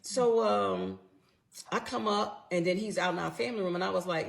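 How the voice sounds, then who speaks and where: Gravelly middle-aged woman telling her story. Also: on the low side, brisk. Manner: animated, emotional retelling, acts out quotes. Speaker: storyteller in played clip. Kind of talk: personal storytelling.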